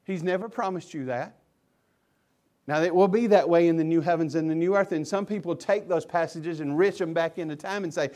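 A man preaching a sermon as pastor, impassioned and swinging between loud emphasis and hushed asides. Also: fairly high pitch, fairly quick.

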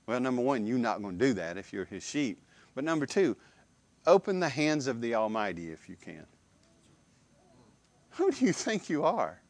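A man preaching a sermon, emphatic and animated, with repeated phrases and questions to the congregation. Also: mid-range voice, moderate pace, long pauses, dry recording.

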